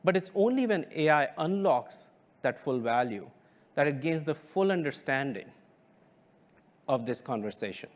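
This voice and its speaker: A man delivers a keynote as a company founder. His voice sits a little high and moves a lot in pitch. He speaks in a measured, emphatic way with deliberate pauses. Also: sing-song. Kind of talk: keynote presentation.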